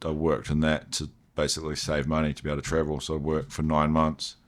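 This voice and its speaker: Kiwi male guest, low voice, relaxed storyteller, voices others in quotes. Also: fast. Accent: New Zealand. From New Zealand. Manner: animated, lifts his voice for quoted dialogue. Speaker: guest, BMX rider. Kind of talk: casual storytelling chat.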